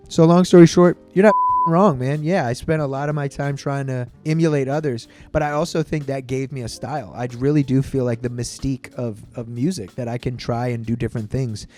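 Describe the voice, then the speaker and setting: A man's voice: mid-range voice, steady tone, normal speed, darkish tone, faint music behind. A man reacting to a review of his own album in casual chat, laughing often and mocking himself with loose slang.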